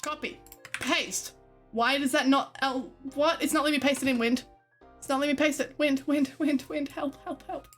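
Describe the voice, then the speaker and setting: A woman's voice: sits high, steady tone, moderate pace, a bit bright, soft background music. A young Australian woman streaming from home, chatting in a bubbly, rambling way and often giggling. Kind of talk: casual live-stream chat.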